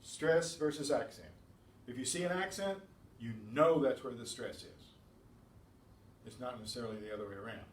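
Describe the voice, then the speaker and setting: In this classroom lesson, a man with a mid-range voice speaks at normal speed, pausing often. He works methodically through beginners' Spanish rules with chatty asides, and the echoey room, distant mic, faint ambience and slight hiss or hum are audible.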